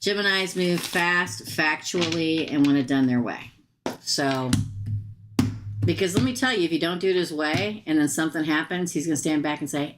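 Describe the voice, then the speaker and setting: Low-voiced woman giving a tarot reading. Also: moderate pace, very noisy. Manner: chatty, emphatic, repeats advice. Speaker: tarot reader.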